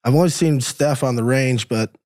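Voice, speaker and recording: Man, podcast guest; mid-pitched, rambling, stop-start casual talk into a studio mic. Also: darkish tone. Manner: rambling, halting, repeats words. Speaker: podcast guest, golf caddy. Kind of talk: casual chat.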